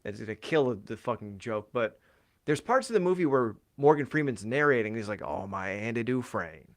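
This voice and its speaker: A man's voice: mid-range voice, animated, brisk. A man co-hosting a casual podcast, rambling and swearing freely with lots of fillers, his voice tired from talking all day. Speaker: podcast co-host.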